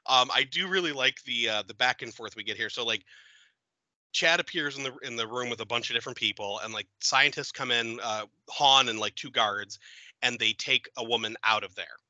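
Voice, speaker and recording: A man hosting a podcast, retelling a film in a giggly, animated way. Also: medium pitch, brisk, no room sound, poor audio. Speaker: podcast host. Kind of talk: casual film review chat.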